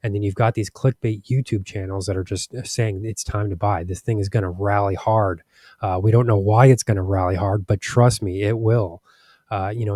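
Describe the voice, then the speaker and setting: Low, mellow-voiced man doing market commentary. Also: no room sound, clean studio sound. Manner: frank, exasperated, many restarts and fillers. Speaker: stock market channel host. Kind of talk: casual commentary over charts.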